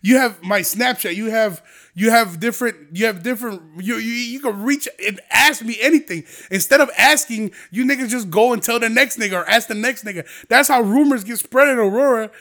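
High, bright-voiced man ranting profanely. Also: fairly quick. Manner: profane, heated and rambling. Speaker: podcast host. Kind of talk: casual ranting monologue.

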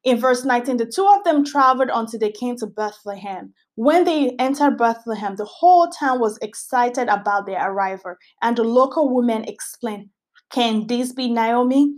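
Lady doing a casual bible study, bit higher voice, earnest, keeps repeating herself for emphasis. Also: expressive, moderate pace. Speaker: Bible study podcast host. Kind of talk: casual Bible study teaching, reading scripture aloud.

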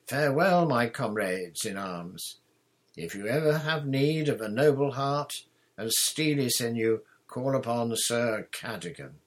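A man's voice: mid-range voice, lively intonation, measured pace. A man voicing a pompous, gallant knight from a painting, in a grand, declaiming manner. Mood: grandly theatrical.

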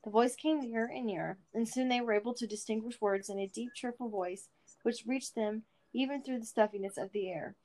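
A woman reads a fantasy storybook aloud with expressive, unhurried narration. Her voice sits a little above the usual pitch for a woman. She shapes each scene with care. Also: rough recording.

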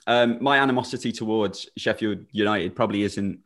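A man's voice: fairly low pitch, fairly quick, a bit bright. Young male, jokey storyteller, casual podcast talk. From England. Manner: rambling anecdotes, jokey. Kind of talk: casual chat.

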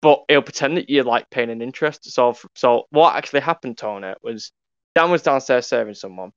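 A man's voice: medium pitch, fairly quick, clean tone, dry recording. A young man telling funny stories in a casual chat with friends, laughing often. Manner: laughing, storytelling, profane banter. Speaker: podcast co-host. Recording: dull, lo-fi sound.

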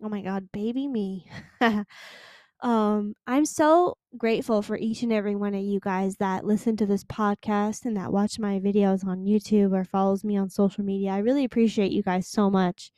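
A woman in her twenties from Florida, hosting a casual solo podcast, chatty and emphatic, slowing down to stress her points. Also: mid-range voice, steady tone, mellow, clean tone, no room sound, studio quality. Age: 20s. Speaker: podcast host.

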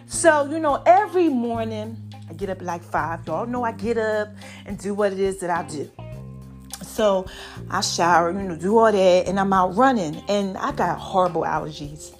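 A woman hosting a casual podcast, animated and drawn out, calling listeners baby and y'all, her voice a bit hoarse from allergies. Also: medium pitch, moderate pace, faint music behind. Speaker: podcast host.

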